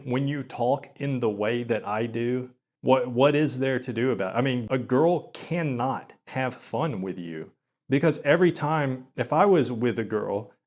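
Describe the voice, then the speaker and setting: A young man talking slowly in a flat monotone, with many filler words and quick stutters, in a self-deprecating vlog monologue. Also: mid-range voice. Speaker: channel host.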